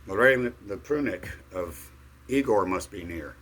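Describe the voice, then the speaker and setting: Low-ish middle-aged guy vlogging, rambly, lots of uh and um, keeps losing his thread. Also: lively intonation, fairly bright tone, slightly rough. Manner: halting, meandering, many fillers and restarts. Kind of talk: rambling personal storytelling.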